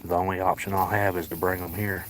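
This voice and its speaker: A man, casually live-streaming outdoors while feeding and softly coaxing the cats of a colony. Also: sits low, little pitch movement, fast talker, heavy background noise. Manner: folksy, talks softly to the cats and coaxes them. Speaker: cat sanctuary caretaker streaming live.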